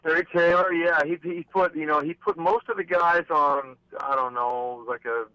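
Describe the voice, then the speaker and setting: A man who is a former wrestler speaks as a guest, often restarting his words. His voice is bright and a little tense. He is heard over a dull, dry phone line. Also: a little high, fairly even intonation, normal speed, no room sound. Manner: hesitant, restarts phrases. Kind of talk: casual interview chat.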